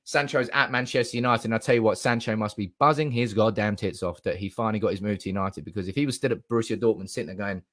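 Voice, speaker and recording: A young man hosting a live stream, animated and swearing freely while reading out comments from the chat. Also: on the low side, quick pace, few pauses.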